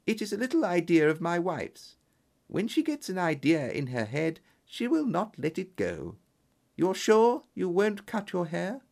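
A jovial gentleman with a gravelly edge coaxes and cajoles, as a storyteller voices him. His tone is raised and eager, swinging lively up and down. It is a storybook reading. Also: mid-range voice, a little slow, exaggerated voice. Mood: regretful. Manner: jovial and coaxing. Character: hearty, eager middle-aged gentleman employer.

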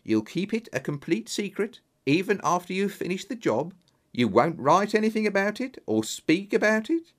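A man's voice: high voice, very animated, moderate pace, voice pushed up. A man voicing a thin, secretive male colonel with a slight German accent, asking insistent, probing questions. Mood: pressing.

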